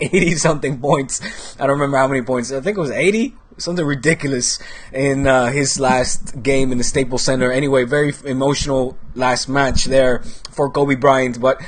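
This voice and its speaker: A man in his thirties from the Netherlands, hosting a football show in casual, rambling chat full of fillers and swearing, with a cold. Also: medium pitch. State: has a cold.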